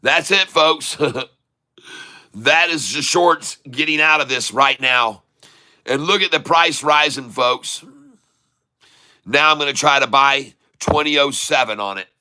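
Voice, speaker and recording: A man streaming his live day-trading, excitable, calling out prices over and over and taunting short sellers. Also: mid-range voice, slow pace, long pauses, clear, resonant tone. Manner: addresses viewers as folks, taunts short sellers.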